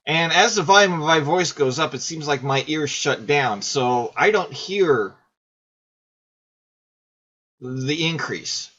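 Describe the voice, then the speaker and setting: A man's voice: a little high, lively intonation, slow, long pauses, bright, forceful tone, breathy edge, muffled recording. A man in his forties hosting a casual game video, rambling and self-deprecating as he talks through questions. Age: 40s. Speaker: host. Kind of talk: casual commentary while playing a game.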